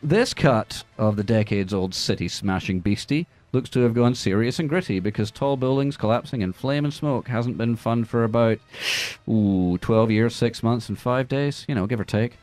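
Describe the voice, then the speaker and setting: A man hosting a radio movie show, reading the news with sarcastic, deadpan jokes. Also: medium pitch, moderate pace, dry recording, faint music behind. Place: radio studio.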